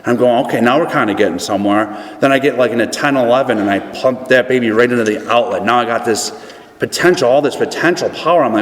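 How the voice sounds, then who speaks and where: A man's voice: medium pitch, fast talker. A man from upstate New York giving a personal testimony at a recovery meeting, chatty and acting out the dialogue in his story. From Buffalo, New York. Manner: conversational, acts out dialogue in a story. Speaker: guest speaker at a recovery meeting. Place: meeting hall. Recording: echoey hall.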